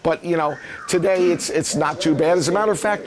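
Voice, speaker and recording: A middle-aged man casually telling rambling stories and acting out the lines people said in lively voices. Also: on the high side, a little fast, crowd noise. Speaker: prop collector recounting memories. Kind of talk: casual storytelling.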